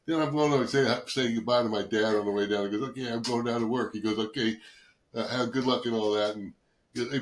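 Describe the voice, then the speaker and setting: A man's voice: medium pitch, roomy sound. A man in his sixties, a guest on a podcast, telling long casual anecdotes, swearing and acting out what others said. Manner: rambling anecdotes, swears, acts out quoted voices. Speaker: guest, former football player. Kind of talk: casual storytelling interview.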